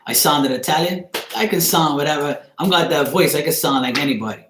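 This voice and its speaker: A man's voice: on the high side, a little fast, hardly any pauses, noisy background. Blunt, rambling man in an echoey room. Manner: loose, blunt and crude, rambling with "you know what I'm saying". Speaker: tarot reader on a live stream. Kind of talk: casual live-stream reading.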